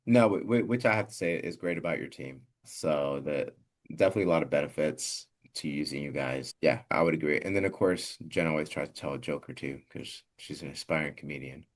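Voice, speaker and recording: Deep-voiced joking male podcast host. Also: fairly quick. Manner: joking, teasing. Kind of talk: casual podcast interview.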